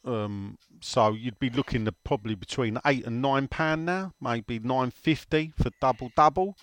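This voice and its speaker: A man's voice: mid-range voice, normal speed, dry recording. A man co-hosting a casual podcast, teasing his co-host and reading out listener questions. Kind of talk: casual chat.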